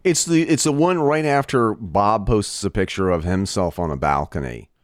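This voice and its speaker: A man co-hosting a podcast in casual chat, animated and tripping over restarts when excited. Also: fairly low pitch, moderate pace, dry recording, clean studio sound. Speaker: podcast co-host.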